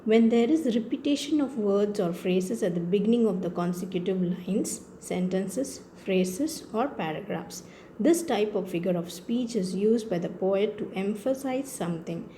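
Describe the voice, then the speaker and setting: Indian English teacher, mellow patient voice. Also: female voice, mid-range voice, lively intonation, moderate pace, a little hiss or hum. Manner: patient, repetitive explaining with frequent checks for understanding. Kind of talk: classroom lesson on poetry.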